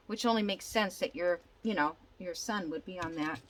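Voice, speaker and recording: A woman's voice: mid-range voice, fairly even intonation, unhurried, few pauses, a little hiss or hum, rough recording. An older woman chatting casually as she works on a craft project, thinking aloud and telling a long, rambling story. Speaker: junk journal crafter.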